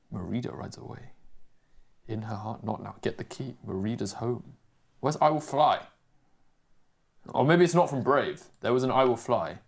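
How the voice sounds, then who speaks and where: A man's voice: medium pitch, creaky. A pianist hosting his livestream, muttering to himself and answering with hesitant, casual chat. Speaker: pianist and host of the stream.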